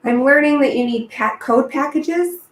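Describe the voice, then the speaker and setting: A woman's voice: high-pitched, moderate pace. A woman hosting a casual online production meeting, chatty and upbeat, rambling with lots of fillers. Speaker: host. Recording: echoey room with faint noise.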